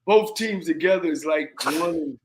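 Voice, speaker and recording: A man co-hosting a casual football picks chat, animated and repeating words as he talks. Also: fairly high pitch, moderate pace, background noise.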